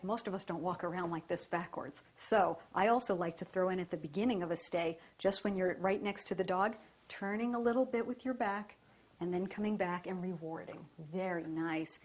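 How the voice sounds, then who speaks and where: A woman dog trainer demonstrating a stay exercise, talking in a calm, even voice. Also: on the low side.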